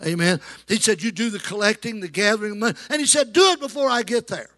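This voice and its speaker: Preacher guy, pretty high bright voice, keeps asking the church for an amen. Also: fast talker. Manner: preaching with call-and-response to the congregation. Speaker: pastor. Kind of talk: sermon.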